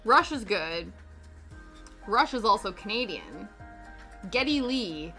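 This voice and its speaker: A woman's voice: mid-range voice, very animated, slow, bright, forceful tone, faint music behind. A woman hosting a live stream, chatting casually with her viewers while she knits, rambling and laughing often. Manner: chatty and rambling, answering chat with frequent laughs.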